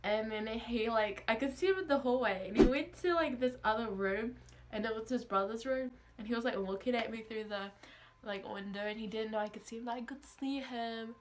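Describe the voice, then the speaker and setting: A woman's voice: a little high, fairly quick, background noise. Chatty teen girl with a kiwi accent. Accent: New Zealand. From New Zealand. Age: teens. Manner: chatty, says "like" constantly, acts out quotes. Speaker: vlogger. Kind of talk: casual storytime.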